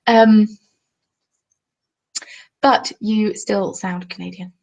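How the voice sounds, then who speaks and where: A woman's voice: mid-range voice, measured pace, gravelly, poor audio. A young woman hosting a crafting live stream, chatting casually and reading viewers' comments with self-deprecating, apologetic asides. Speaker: crafting livestream host.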